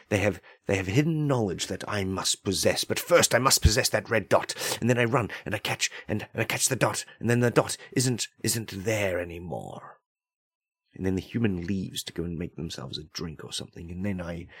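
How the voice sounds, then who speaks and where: A man's voice: on the low side, breathy edge, no room sound, clean studio sound. A man voicing a pompous, self-important male house cat in a comedic monologue, with grand, haughty, formal speech.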